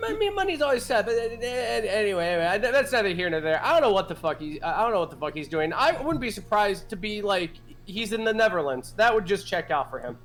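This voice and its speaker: A man in his thirties telling a story in casual chat, animated and swearing, laughing often. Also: sits high, fast, hardly any pauses, soft background music. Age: 30s. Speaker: game master and streamer. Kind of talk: casual chat between players.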